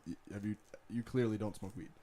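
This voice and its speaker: A man's voice: lowish voice, fast talker, dark tone. A young man telling a story in casual chat, rambling with many restarts and fillers and laughing often. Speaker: podcast host.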